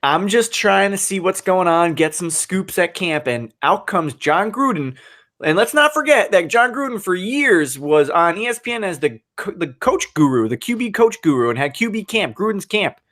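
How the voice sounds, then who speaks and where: Excitable man in casual football chat. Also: sits high, moderate pace. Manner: excitable, laughs often, animated. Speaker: sports podcast co-host.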